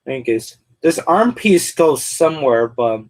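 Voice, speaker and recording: A man's voice: fairly high pitch, very animated, takes it slowly. A man on a casual live stream who thinks aloud as he assembles a toy figure. He rambles and fills his talk with "like" and "and all that".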